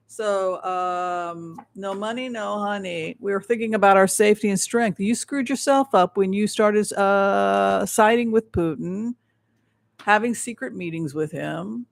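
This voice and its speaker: Psychic show host, male, high gravelly voice, rambling and emphatic, dry close sound. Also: measured pace, dry recording. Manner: rambling with frequent restarts, emphatic. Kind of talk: livestream tarot and remote-viewing commentary.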